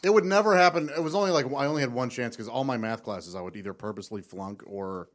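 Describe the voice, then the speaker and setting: A man's voice: medium pitch, fast talker. Chatty, candid man laughing easily. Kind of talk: casual chat.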